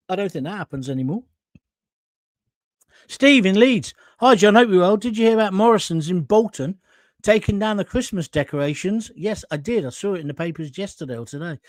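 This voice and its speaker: An older man hosts a live opinion show, reading viewer comments aloud and ranting with indignation and sarcasm. His voice sits high, and the recording is dry and studio quality.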